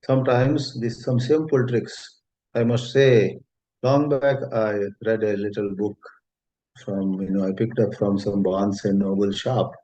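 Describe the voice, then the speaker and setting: A man with an Indian English accent giving a spiritual talk, gentle and unhurried, telling a story and rephrasing his words as he goes. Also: fairly low pitch, flat delivery. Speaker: spiritual teacher. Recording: dull lo-fi recording.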